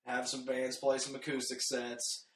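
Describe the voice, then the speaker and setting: A man co-hosting a podcast in relaxed, rambling casual chat, peppered with "like" and "dude". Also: mid-range voice, a little slow. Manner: laid-back, rambling, frequent "like" and "dude". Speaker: podcast co-host. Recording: echoey room with faint noise.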